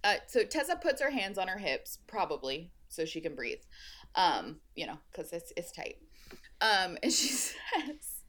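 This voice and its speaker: A woman co-hosting a podcast, recapping a book in casual chat, animated, laughing often and swearing freely. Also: fairly low pitch, normal speed.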